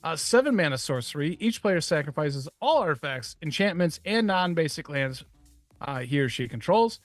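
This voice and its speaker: Male podcast co-host, crude jokester, slightly high voice, dry mic with faint music. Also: very animated, normal speed, no echo. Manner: crude, joking. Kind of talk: casual chat.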